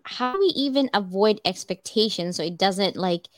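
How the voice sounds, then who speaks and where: Woman host telling a story, chatty and animated, mid pitch, dry close sound. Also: moderate pace, no echo. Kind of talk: casual chat.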